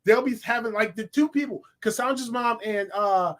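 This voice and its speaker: A man giving a casual, animated movie review, laughing often and talking in loose slang. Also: very high voice, normal speed. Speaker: film reviewer.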